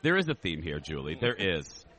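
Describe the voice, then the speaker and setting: Deep-voiced man co-hosting a chatty podcast. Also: big pitch swings, moderate pace, sharp tone, faint music behind. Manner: chatty, joking, rambling. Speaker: podcast co-host. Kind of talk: casual chat. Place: themed restaurant. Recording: recorded on location in a restaurant.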